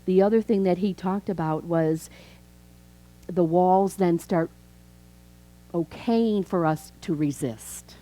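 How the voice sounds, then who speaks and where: She speaks slowly, with long pauses, in a lowish, dark voice on a rough recording. A Chicago minister in her fifties, she gives a chatty sermon of stories and acted-out dialogue.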